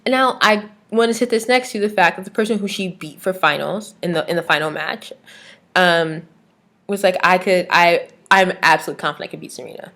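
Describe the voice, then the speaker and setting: A young adult woman ranting casually to her camera, animated and exasperated, full of slang and filler words. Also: lowish voice, normal speed. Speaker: vlogger.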